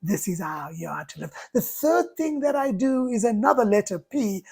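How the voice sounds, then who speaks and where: A woman giving a motivational talk, speaking in deliberate, emphatic, drawn-out phrases. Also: medium pitch, lively intonation, creaky, warm tone, slightly rough.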